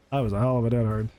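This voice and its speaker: Against background noise, a man with a mid-range voice gives jokey, relaxed live commentary on the video game he's playing. A gaming YouTuber, he addresses the players on screen and laughs and swears frequently.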